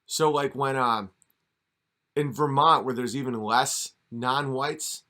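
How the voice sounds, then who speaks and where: A man's voice: medium pitch, slow pace, sharp tone. A man giving a mocking, sarcastic comedic commentary rant while reacting to a video.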